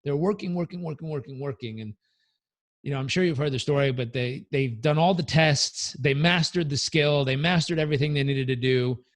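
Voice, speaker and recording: A man's voice: medium pitch, fairly quick. A man, a motivational coach, telling a story in an interview and acting out the characters. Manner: animated storyteller, acts out the characters. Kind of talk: conversational storytelling.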